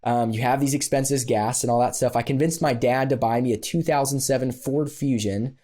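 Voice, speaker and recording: Guy guesting on a podcast, warm mellow voice, chatty self-deprecating storyteller, lots of ums. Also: medium pitch, brisk. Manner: animated and self-deprecating, with frequent fillers. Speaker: podcast guest, business consultant. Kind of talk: conversational storytelling.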